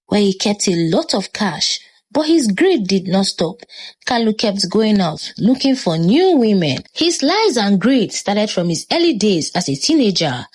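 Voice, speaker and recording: A woman storyteller narrating a scripted tale with dramatic flair. Her pitch roams widely around a mid-range voice.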